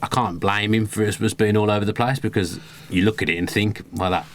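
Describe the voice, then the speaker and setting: Fast-talking deep-voiced Birmingham man. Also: fairly even intonation, a little hiss or hum. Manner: opinionated, teasing banter. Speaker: podcast co-host. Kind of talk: casual podcast chat.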